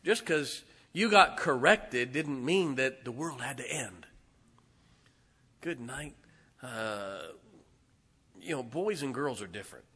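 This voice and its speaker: A man's voice: medium pitch, pushed and bright, breathy edge, long reverb tail. A man preaching a conversational sermon as pastor, folksy and joking with his congregation. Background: congregation responding.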